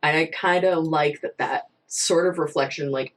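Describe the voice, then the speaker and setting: A woman's voice: deep voice, normal speed, few pauses. A woman co-hosting a casual film podcast, talking thoughtfully through a scene from her notes.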